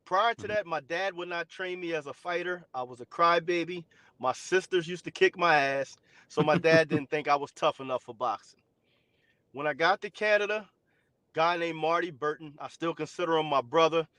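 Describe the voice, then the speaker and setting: Bright, crisp-voiced man from New Jersey. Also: on the high side, moderate pace, no echo. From New Jersey, USA. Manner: reflective, storytelling. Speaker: guest, boxing trainer. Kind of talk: podcast interview.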